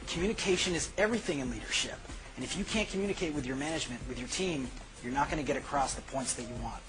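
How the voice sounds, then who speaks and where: A man giving a scripted leadership lesson in a measured, instructive way. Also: on the high side, rough recording. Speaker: host giving daily leadership tips. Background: music.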